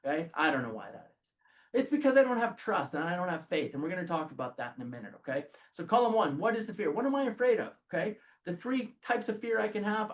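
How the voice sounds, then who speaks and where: A man leading a recovery group study in a lively talk, often checking in with "okay?". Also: high voice, fast, highs cut off. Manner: animated, says "okay?" often.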